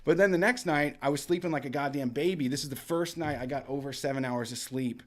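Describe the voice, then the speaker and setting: A man's voice: a little high, quick pace. A young man on a casual radio talk show, telling a wild story with lots of swearing and acted-out quotes. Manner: profane, animated storyteller acting out quotes. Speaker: podcast co-host.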